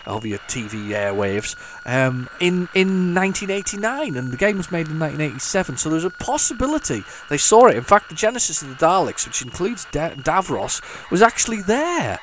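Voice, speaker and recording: A man's voice: a little high, sing-song, fairly quick, few pauses, a bit bright, a little hiss or hum. A man chatting casually while he plays old computer games, rambling and stumbling over his words with many restarts. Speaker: retro gaming YouTuber. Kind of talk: casual commentary while playing.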